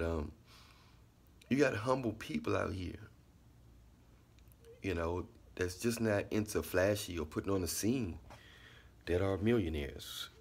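Man, low husky voice, relaxed repetitive monologue. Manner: laid-back, repetitive, drops into quiet asides. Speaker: vlogger giving life commentary. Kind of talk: casual monologue.

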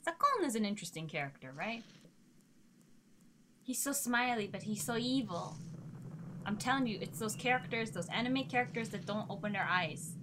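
A woman streamer giving casual let's-play commentary, chatty and talking to herself and the game, swinging between nervous and excited. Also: a little high, normal speed, noisy background.

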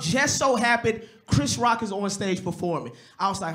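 A man performing a loud, animated stand-up set on a comedy club stage, jumping into shouted voices as he tells a story. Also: high-pitched, normal speed, hardly any pauses.

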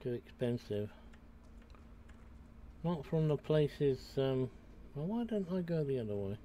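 A man's voice: medium pitch, sing-song, measured pace, mellow, slight background noise. An older British man streaming a game, chatting to his viewers and rambling to himself as he plays. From United Kingdom. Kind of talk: casual gameplay commentary.

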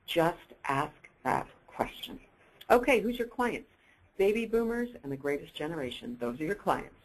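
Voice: medium pitch, poor audio. A presenter giving an upbeat sales training webinar, coaching listeners directly and acting out bits of dialogue.

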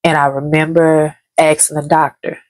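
A vlogger from Dallas, Texas tells a painful personal story, her low voice barely moving in pitch and her pace normal. The emotional story time feels heavy, repetitive, and full of grief, and there's no room sound.

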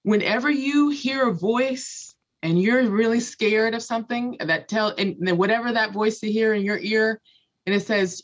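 A woman's voice: medium pitch, normal speed, highs cut off. A woman from Los Angeles, a podcast guest and author, giving a motivational talk in an earnest, emphatic way and repeating key phrases. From Los Angeles, United States. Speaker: guest, author and former math professor.

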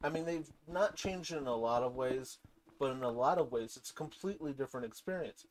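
A woman giving casual gameplay commentary, rambling from low mumbles to excited shrieks and talking to the game's items. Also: brisk, a little hiss or hum. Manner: talks to game items, swears casually. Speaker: gaming channel host.

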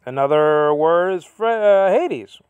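Man, Bible teacher, rambling, self-correcting, slightly high voice, dry close sound. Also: expressive, darkish tone, clean tone, dry recording, muffled recording. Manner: rambling, self-correcting, reads out Greek words slowly. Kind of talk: casual Bible teaching monologue.

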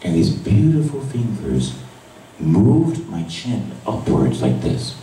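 A man, a priest, giving an emotional sermon that drops to a hush and rises to cries. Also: lowish voice, huge pitch swings, takes it slowly, a little hiss or hum. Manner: emotional testimony, voice swinging from hushed to cries. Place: large church at a retreat Mass. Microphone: far camera recording. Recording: echoey church from far off.

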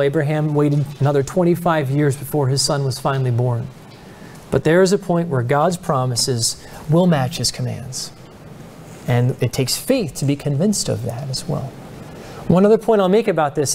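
A man's voice: a little high, a little mellow, slight background noise. A male pastor teaching a Bible study in an earnest, conversational preaching style, acting out the people he describes. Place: church.

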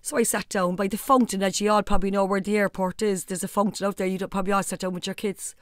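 Irish mother telling a lively anecdote. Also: mid-range voice, fast talker, no echo. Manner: animated anecdote-telling with blunt, salty asides. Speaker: guest, the host's mother. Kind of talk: casual storytelling on a podcast.

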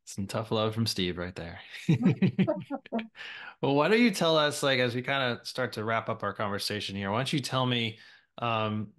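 A man's voice: mid-range voice, expressive, normal speed, fairly bright tone. A man hosting a podcast, chatting casually and affirming his guest. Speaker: podcast host. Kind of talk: casual interview chat.

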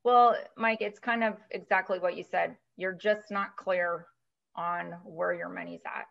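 A woman guest speaking as a financial advisor, telling a long story in a chatty, animated way with many fillers. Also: lowish voice, measured pace, vocal fry, lo-fi sound. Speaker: guest, virtual CFO. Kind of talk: casual storytelling interview.

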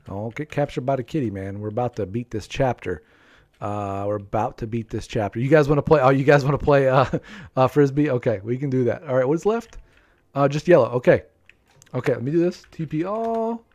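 A man commentating live gameplay for viewers, excitable, talking to his players and breaking into high shouts, with keyboard typing behind him. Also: fairly quick. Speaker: game streamer.

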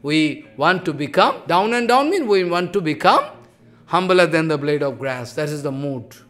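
Spiritual teacher, male, high voice, fervent and repetitive sermon delivery. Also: lively intonation, normal speed, a bit bright. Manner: fervent, repeats phrases for emphasis; broken, simplified English grammar. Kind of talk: devotional sermon.

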